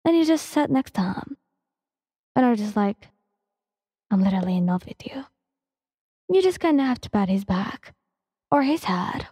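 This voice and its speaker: Brief: woman narrating fan fiction casually, slangy, dark mellow tone, dry close mic with faint long reverb. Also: on the high side. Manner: casual, slangy, playful cursing.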